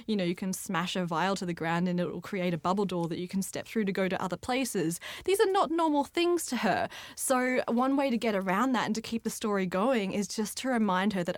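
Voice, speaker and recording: A woman's voice: mid-range voice, dry recording, clean studio sound. Bubbly young woman author. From Australia. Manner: bubbly, laughs often, lively asides. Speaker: author being interviewed. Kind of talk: casual interview answers. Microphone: studio microphone.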